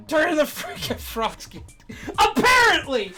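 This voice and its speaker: A woman's voice: high voice, huge pitch swings, slow, music in the background. A woman hosting a game stream, ranting in casual chat, swearing freely and laughing between points. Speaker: streamer host.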